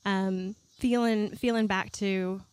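A woman from New York hosting a casual podcast chat, bubbly and quick to laugh, recorded on a back deck at night. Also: mid-range voice, fairly even intonation, darkish tone, clear, resonant tone. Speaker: podcast host.

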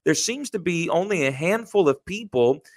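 A man's voice: high voice, expressive, normal speed. A man on a radio interview as a political candidate, emphatic and speechlike, often repeating himself. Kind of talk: radio interview, campaign talk.

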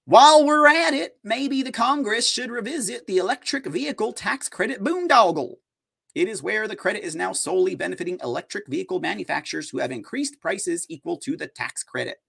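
A man's voice: sits high, animated, brisk, vocal fry, pushed and bright, husky, pitched above the performer's own voice, full character voice. A man putting on an older male Southern politician with a put-on Southern US accent and a lisp, reading out a stiff lecture. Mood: lecturing.

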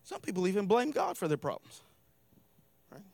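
A middle-aged man with a Southern US accent preaching a sermon in a church, building to fervent shouted peaks. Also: high-pitched, wildly swooping pitch, moderate pace, creaky. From American South. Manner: preaching with rising fervor and shouted climaxes. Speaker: pastor.

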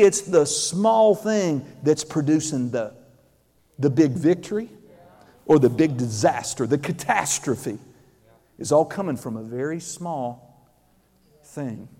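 Male pastor, high-pitched voice, animated delivery that builds to shouting, long hall reverb. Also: takes it slowly, long pauses. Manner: animated, rising to shouts, acts out quotes. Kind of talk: sermon.

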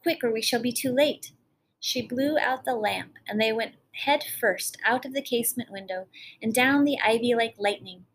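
Expressive woman telling a fairy tale. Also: a little high, low-quality recording. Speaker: storyteller. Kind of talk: storybook narration.

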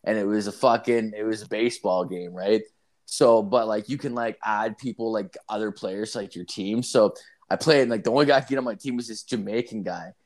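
A podcast co-host talks crudely and ramblingly, swearing a lot and leaning heavily on "like" as filler. His voice is lowish and a little mellow, and he speaks briskly in this casual chat.

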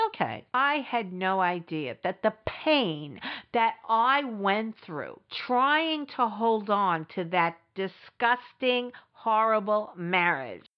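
Middle-aged woman host, blunt and emphatic storyteller, lively pitch, muffled lo-fi audio. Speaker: podcast host. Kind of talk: candid personal storytelling. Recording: dull lo-fi recording.

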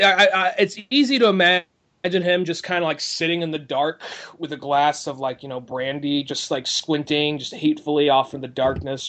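A man's voice: fairly high pitch, a bit bright. A man co-hosting a podcast, rambling with many fillers and crude jokes. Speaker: podcast co-host. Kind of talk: casual podcast banter.

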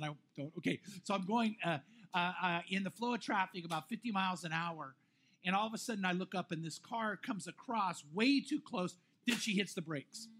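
A middle-aged male pastor tells a personal story from the pulpit. His voice sits high, and he talks in a lively, animated way, stumbling over restarts and breaking into self-deprecating laughs. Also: husky. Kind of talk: sermon storytelling.

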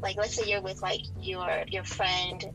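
A woman's voice: mid-range voice, level tone, measured pace, poor audio. A woman co-hosting a podcast in casual chat, playful and laughing often, with music playing behind. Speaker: podcast co-host.

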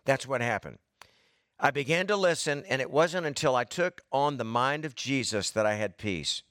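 A man's voice: medium pitch, lively intonation, normal speed, a bit bright, dry recording, studio quality. A middle-aged man preaching a sermon in an earnest, conversational way, calling on people in the congregation by name.

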